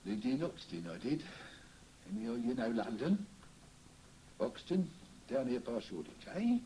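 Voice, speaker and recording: A man's voice: medium pitch, big pitch swings, normal speed, warm tone, a little hiss or hum, lightly acted, poor audio. A man in a trance-séance recording, speaking as the spirit of a cheery old Cockney costermonger with a Cockney accent, rambling and chuckling as he chats. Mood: chatty. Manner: rambling, chuckling, folksy chat. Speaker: trance medium.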